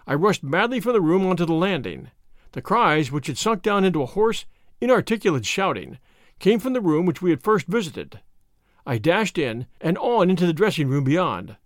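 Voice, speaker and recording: Brief: expressive male audiobook narrator, lively pitch, close and dry. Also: normal speed, no room sound. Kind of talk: scripted narration of a classic story.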